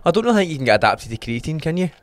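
A man co-hosting a fitness podcast, chatty and quick to chime in. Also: mid-range voice, big pitch swings. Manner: quick, chatty, agreeable interjections. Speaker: podcast co-host and trainer. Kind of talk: casual podcast chat.

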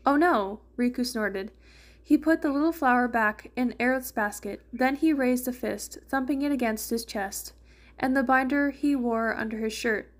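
A woman's voice: on the high side, moderate pace. Woman reading fan fiction aloud. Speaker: fanfiction reader.

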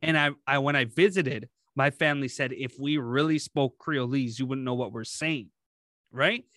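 A man's voice: mid-range voice, normal speed, fairly bright tone, no echo, studio quality. A man in casual, rambling podcast chat, swearing freely and laughing often. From grew up around Guyanese speakers.

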